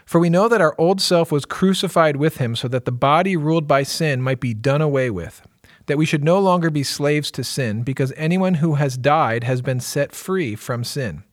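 A man's voice: on the high side, lively intonation, moderate pace, no echo, clean studio sound. A man who is a pastor, teasing his co-hosts in podcast chat and reading scripture aloud expressively. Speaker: executive pastor.

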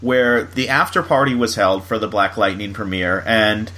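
A man's voice: on the low side, moderate pace, bright, forceful tone. Chatty man from Florida, easygoing host. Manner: chatty, full of fillers and laughs. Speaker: podcast host. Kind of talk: casual chat.

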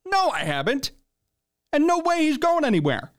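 Male sports-show host, fairly high pitched; blunt, emphatic opinion monologue. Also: huge pitch swings, normal speed. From United States.

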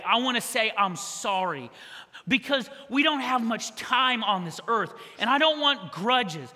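Bright-voiced preacher man in a reverberant hall. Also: high voice. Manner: energetic, conversational preaching with asides. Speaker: pastor. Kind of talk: sermon. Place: church hall. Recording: long church hall reverb.

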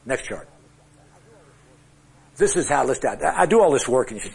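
A man's voice: medium pitch, very animated, normal speed, creaky. A middle-aged man teaching a Bible class with charts, talking conversationally, asking the class questions and joking at his own expense. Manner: self-deprecating humor.

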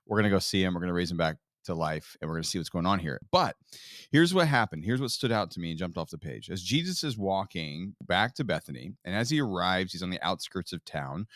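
A man's voice: deep voice, fairly quick, no echo, studio quality. A man co-hosting a faith podcast, casually retelling a Bible story and acting out the quotes. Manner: animated storyteller, acts out quotes. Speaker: podcast co-host.

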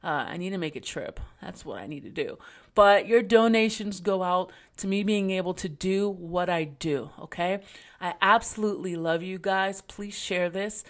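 A woman's voice: on the low side, moderate pace. Earnest woman hosting a faith podcast. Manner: earnest, encouraging, casual slang. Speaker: podcast host.

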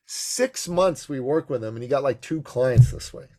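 A man guest telling a story in conversation, acting out the dialogue with animation and a gravelly voice. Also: medium pitch, normal speed, a little mellow.

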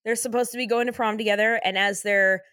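A woman's voice: mid-range voice, steady tone, quick pace, fairly bright tone, no room sound, studio quality. A woman co-hosting a podcast who reads out episode facts in casual chat and giggles often. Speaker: podcast co-host.

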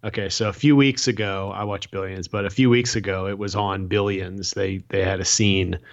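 A man's voice: sits low, normal speed, highs cut off. A man co-hosting a casual chat podcast, telling stories and acting out quoted lines. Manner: animated storyteller, acts out quotes. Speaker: podcast co-host. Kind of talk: casual chat recapping a TV show.

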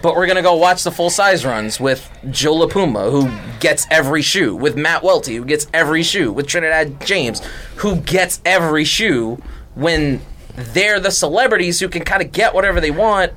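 A man chatting on a casual podcast in a slightly higher-than-average voice. He talks in a relaxed, conversational way. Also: normal speed, a little hiss or hum. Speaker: podcast co-host.

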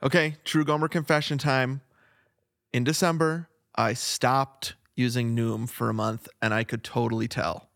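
A man's voice: medium pitch, fairly even intonation, unhurried, a bit bright, dry recording, clean studio sound. A man co-hosting a podcast, chatting casually and laughing easily while reading ads and talking about his week. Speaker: podcast co-host. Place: home studio, Flagstaff.

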